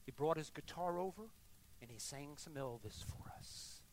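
A man preaching a sermon as pastor in a church, swinging from quiet murmurs to loud emphatic bursts and leading the congregation in prayer. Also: on the high side, moderate pace, slight background noise. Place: church sanctuary.

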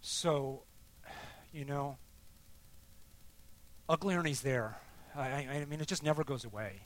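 A middle-aged man giving a sermon-style personal testimony, moving between hushed, quiet moments and loud, emphatic bursts as he tells his story. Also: mid-range voice, measured pace, pauses often. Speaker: speaker sharing testimony.

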